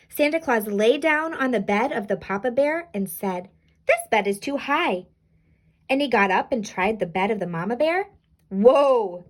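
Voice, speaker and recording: A woman reading a children's storybook aloud in an expressive, animated way. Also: on the high side.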